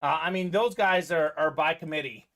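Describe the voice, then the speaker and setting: A man's voice: on the high side, moderate pace, a bit bright. Upbeat man hosting a live card break. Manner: upbeat, running commentary on teams and players.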